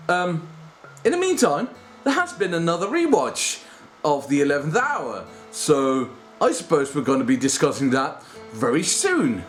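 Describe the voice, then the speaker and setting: A man in his thirties giving a casual spoken review, animated and self-deprecating, laughing often. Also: on the high side. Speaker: video reviewer.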